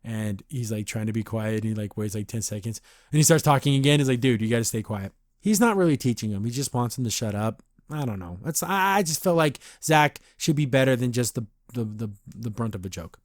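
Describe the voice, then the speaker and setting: A man's voice: mid-range voice, lively intonation, a little fast, no echo, studio quality. A man hosting a podcast, casually recapping a cartoon episode in a rambling, chatty way and briefly mimicking the characters.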